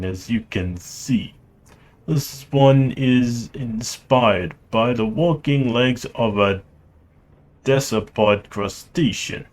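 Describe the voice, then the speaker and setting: A man voicing a pleasant, cultured mechanic with a light Russian accent, polite and measured. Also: mid-range voice, a little mellow.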